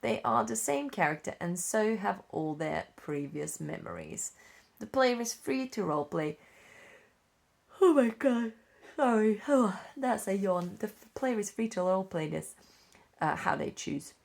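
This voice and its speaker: Gravelly low-voiced woman reading rules. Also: very animated. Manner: unhurried, with frequent fillers and self-corrections. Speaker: rulebook reader. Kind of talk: casual reading aloud of game rules.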